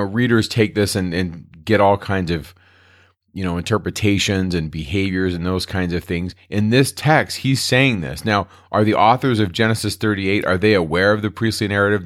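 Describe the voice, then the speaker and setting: A man's voice: deep voice, a bit bright. A man giving a casual Bible study lecture, retelling the scripture in plain, conversational modern words. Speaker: Bible teacher.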